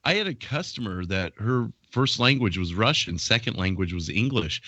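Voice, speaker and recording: A man's voice: lowish voice, lively intonation, moderate pace, sharp tone, no echo. A man calling into a live show, chatting casually with easygoing, chuckling asides over lo-fi call audio. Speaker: regular guest on a call. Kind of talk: casual chat.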